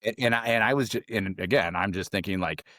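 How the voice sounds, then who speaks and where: A deep-voiced, middle-aged man recounts his training days with rambling energy, piling on fillers and restarts. He leaps into a high, squeaky voice whenever he quotes someone. The sound is dry and close, with no room around it. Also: fast talker, dry recording. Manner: rambling, animated storytelling with many fillers and restarts; jumps to a high voice when quoting others. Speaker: podcast guest, former SEAL trainee. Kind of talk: casual storytelling interview.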